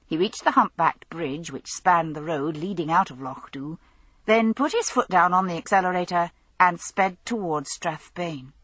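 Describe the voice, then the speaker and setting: A woman reading a mystery novel aloud as an audiobook narrator, in a measured, even manner. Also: fairly low pitch, no room sound.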